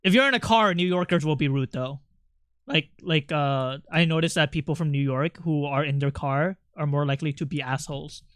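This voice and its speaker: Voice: medium pitch, brisk, fairly bright tone, clean tone, dry recording, studio quality. A streamer chatting casually and playfully with chat while drawing, rambling with lots of fillers.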